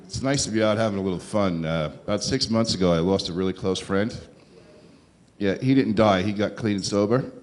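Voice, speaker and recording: A man's voice: fairly low pitch, brisk, a little hiss or hum. Sarcastic New stand-up man. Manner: sarcastic, deadpan asides with crowd work. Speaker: stand-up comedian. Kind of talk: stand-up comedy set. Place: comedy club stage.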